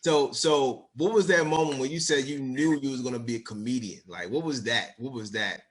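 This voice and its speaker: Relaxed man hosting a podcast. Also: medium pitch, fairly quick, a little hiss or hum. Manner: relaxed, laughing, short agreements. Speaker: podcast host. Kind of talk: casual interview chat.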